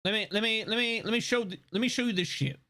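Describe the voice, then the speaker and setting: A man's voice: sits high, fast. A man streaming live, chatting casually and animatedly with lots of swearing and laughter. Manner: animated, profane, laughing often.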